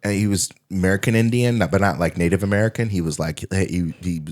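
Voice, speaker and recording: A young man co-hosting a casual podcast, telling a story and acting out the people in it with lots of laughter. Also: brisk. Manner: animated, acts out quoted people in a high yelling voice, laughs often. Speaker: podcast co-host.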